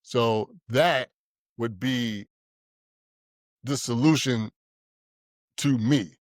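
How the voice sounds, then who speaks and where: A man's voice: mid-range voice, very slow, no room sound, clean studio sound. A man hosting a podcast discussion, ranting in a heated, profane way. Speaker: podcast host.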